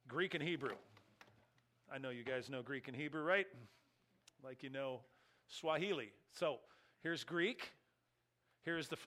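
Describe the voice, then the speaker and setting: Male pastor, bright forceful voice, slightly high, emphatic teaching sermon with dry humor. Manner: teaching, emphatic with wry asides.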